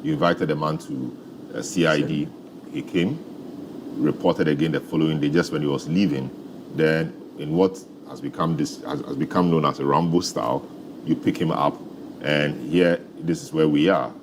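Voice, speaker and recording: A man hosting a TV studio discussion, posing probing questions with halting restarts. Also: very deep voice, fairly even intonation. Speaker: TV talk show host. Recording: noisy studio broadcast audio.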